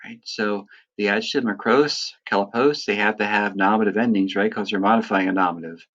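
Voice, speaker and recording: Deep-voiced man teaching a lesson, muffled audio. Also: a little fast. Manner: relaxed, explanatory, with frequent "uh" and "right". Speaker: Greek teacher. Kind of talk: recorded lecture.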